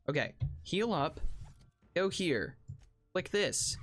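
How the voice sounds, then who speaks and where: A let's play host giving casual gameplay commentary, reacting aloud to the action with excitable outbursts and self-mocking asides to viewers. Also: medium pitch, unhurried, pauses often, faint music behind.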